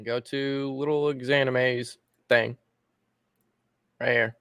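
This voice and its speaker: A man's voice: mid-range voice, steady tone, takes it slowly, vocal fry, fairly bright tone, smooth, no room sound, studio quality. A man guesting on a livestream, casually explaining things step by step while he shares his screen over a call. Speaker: guest co-host.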